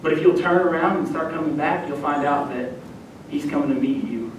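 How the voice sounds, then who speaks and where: A young man, a youth minister preaching a sermon and telling a personal story, acting out the voices he quotes. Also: fairly quick. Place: church sanctuary. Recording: echoey church hall, distant mic, faint rumble.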